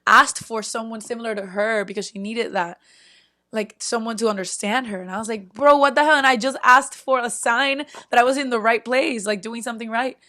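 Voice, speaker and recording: A young woman vlogging, casually telling a story with many "like"s and sudden loud bursts of disbelief. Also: fairly high pitch, fairly even intonation, brisk. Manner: frequent filler "like" and restarts, chatty.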